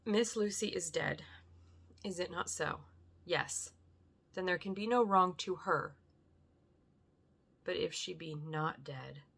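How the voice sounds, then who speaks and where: A woman reading aloud and voicing a grave, solemn old foreign doctor who speaks in measured tones. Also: lowish voice, gravelly, fairly bright tone, husky, full character voice. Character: grave old foreign male doctor, stern yet tender. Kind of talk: audiobook reading.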